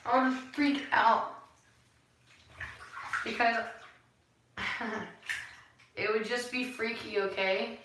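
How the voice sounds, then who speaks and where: A woman vlogger in a rambling spiritual monologue, musing and preachy, often sighing and laughing softly. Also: on the high side, fairly even intonation, drawn-out words, long pauses, noisy background. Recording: very echoey room, far from the mic.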